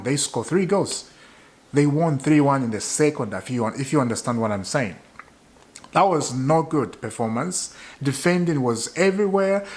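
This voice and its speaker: A young man ranting to camera as a frustrated football fan. His pitch swings up and down in a lively way, and he circles back and repeats his complaints for emphasis. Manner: exasperated, repeats points for emphasis. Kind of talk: casual fan rant to camera.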